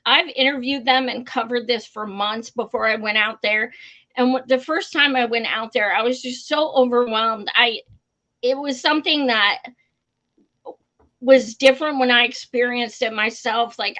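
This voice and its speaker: A slow-talking young woman with a high, bright voice co-hosts a casual political livestream. She talks bluntly and curses freely, and she laughs often between points. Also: rough recording. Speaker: co-host of a political live stream.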